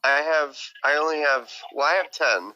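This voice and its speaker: A man's voice: on the high side, moderate pace, sharp tone, highs cut off. A middle-aged man chatting eagerly on a gaming stream, rambling through his items with fillers. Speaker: stream guest. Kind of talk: casual gaming chat.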